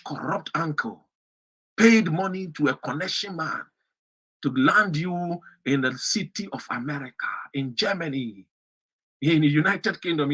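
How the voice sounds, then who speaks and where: Fiery Ghanaian man, bright husky voice. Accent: Ghanaian English. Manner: fiery, rising to shouts and dropping to low emphasis. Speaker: political commentator. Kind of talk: impassioned political speech.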